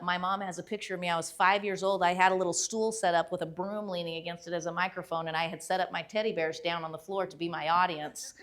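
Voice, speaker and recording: A woman motivational speaker telling a story in a lively way. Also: lowish voice. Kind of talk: motivational talk.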